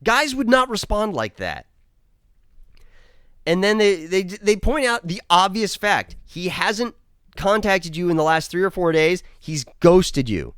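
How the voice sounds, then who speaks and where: A man's voice: high voice, sing-song, unhurried, a bit bright, clean tone, no room sound, clean studio sound. A man reviewing a TV episode in a casual, profane, exasperated rant. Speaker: show reviewer.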